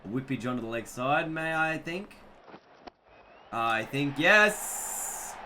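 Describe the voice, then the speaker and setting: A man's voice: a little high, bright, forceful tone, a little hiss or hum. A young man giving chatty, self-mocking commentary on his own gameplay. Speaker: gaming YouTuber.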